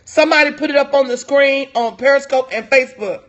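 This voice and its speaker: A woman's voice: high voice, a little fast, highs cut off. A woman life coach giving a motivational talk on a live stream, repeating lines for emphasis and calling out viewers by name. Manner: talks to viewers in chat by name.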